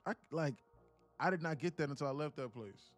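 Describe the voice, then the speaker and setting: Faint music plays behind a man in his late twenties, a day trader streaming live, as he animatedly retells a story to his chat with lots of slang and profanity. His voice is a little high and his pace brisk.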